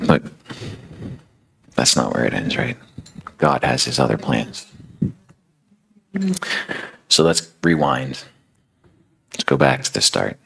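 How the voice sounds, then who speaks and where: Deep gravelly casual preacher man. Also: lively intonation, slow pace, long pauses, fairly bright tone, slight background noise, rough recording. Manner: casual, filler-heavy retelling. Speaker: speaker. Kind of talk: storytelling sermon.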